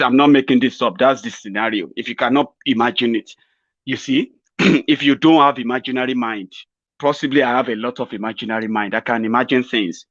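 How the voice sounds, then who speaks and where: A man's voice: mid-range voice, fairly quick, a bit bright, no room sound, lo-fi sound. A Nigerian man giving a rambling, mocking satirical political commentary to his viewers. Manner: mocking, rambling, chuckles at his own jokes.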